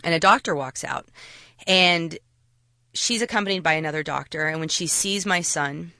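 A woman telling a personal story to an audience, halting, with frequent restarts. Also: deep voice, bright, forceful tone, no room sound.

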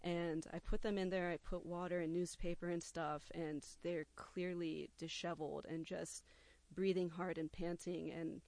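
A young adult telling a personal story to a listener, animated and acting out the quoted voices. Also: medium pitch, moderate pace, creaky, no room sound.

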